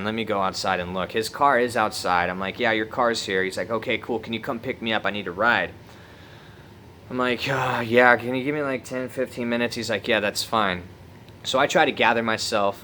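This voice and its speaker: A laid-back young man tells a rambling story to camera, cursing freely. His voice sits a little low but comes across bright and forceful. A faint hum of room ambience sits under him. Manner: laid-back, profane, laughs through the story. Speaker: vlogger. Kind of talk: casual storytelling.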